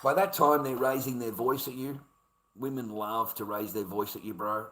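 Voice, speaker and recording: A man's voice: mid-range voice, fairly even intonation, moderate pace, fairly bright tone, reverberant, low-quality recording. An older Australian man ranting in an aggrieved, swearing, repetitive vlog monologue.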